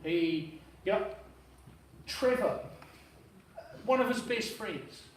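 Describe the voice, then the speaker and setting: A man with a high voice delivers a casual, blunt eulogy, full of slang and the odd swear word. He sounds distant from the mic in a very echoey room. A faint hum of the room sits behind him. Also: lively intonation, slow. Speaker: brother-in-law giving a eulogy. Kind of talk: informal eulogy at a memorial service. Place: memorial service venue.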